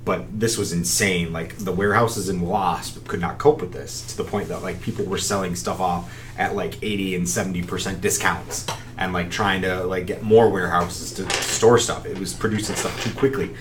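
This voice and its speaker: A young man narrates a tabletop game, wandering through his sentences with a lot of fillers. His voice sits a little low. A faint hiss runs under the recording. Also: fairly even intonation, moderate pace. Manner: rambling, filler-heavy narration. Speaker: game master.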